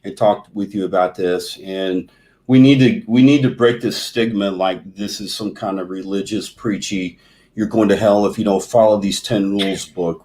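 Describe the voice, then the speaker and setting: Rambling man hosting. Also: fairly low pitch. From Kentucky, USA. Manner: rambling, animated storyteller. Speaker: host. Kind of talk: casual livestream chat.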